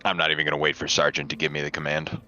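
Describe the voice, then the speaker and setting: A man's voice: extremely low pitch, completely flat delivery, very fast, pushed and bright. A man playing a tabletop role-playing game, casual and decisive about his character's moves. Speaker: player. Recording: dull lo-fi mic.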